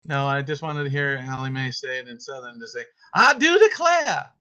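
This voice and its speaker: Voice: medium pitch, little pitch movement, a little fast, pushed and bright, clear, resonant tone. A teacher running an online homeschool class over a video call, playfully calling on students by name and reading scripture aloud. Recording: dull lo-fi call audio.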